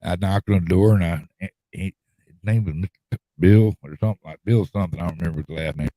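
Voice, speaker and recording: Man, drawling storyteller, deep voice, dead dry sound. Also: fast talker, mellow, no room sound. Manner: rambling, folksy, repeats words, drawls. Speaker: podcast host telling a story. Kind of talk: casual storytelling chat.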